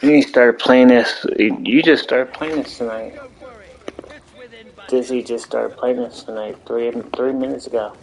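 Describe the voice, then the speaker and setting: A man's voice: mid-range voice, fairly even intonation, a little slow, creaky, poor audio. A man streaming a game live, chatting casually and rambling to his viewers and friends. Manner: rambling, talks to chat and friends. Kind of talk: casual gaming stream chat.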